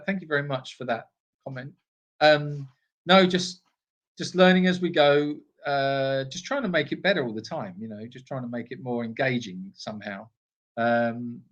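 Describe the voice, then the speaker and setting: A man's voice: mid-range voice, fairly bright tone. A man co-hosting a live Q&A from an animal sanctuary, reading viewer comments in a playful, jokey way. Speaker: co-host of a live Q&A.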